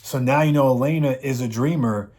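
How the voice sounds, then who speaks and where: A man's voice: medium pitch, fairly quick, darkish tone. A man giving a casual, rambling episode recap, with frequent fillers. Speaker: show reviewer.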